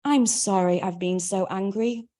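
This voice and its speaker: A woman reading a memoir aloud, voicing a devout, anxious mother who speaks softly and hushed. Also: medium pitch, a little slow, lightly acted. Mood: gentle. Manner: soft hushed voice. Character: devout anxious mother, tender then hardening.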